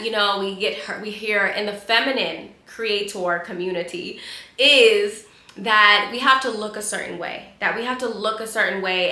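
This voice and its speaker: A woman's voice: medium pitch, sharp tone, reverberant. A woman spiritual coach giving an emphatic, preachy motivational talk with lots of repeated phrasing.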